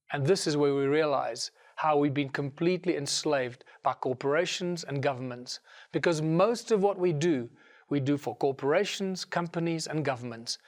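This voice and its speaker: A middle-aged man with a South African accent telling a story in a lively way and giving the characters their own voices. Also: a little high. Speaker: speaker. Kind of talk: storytelling talk.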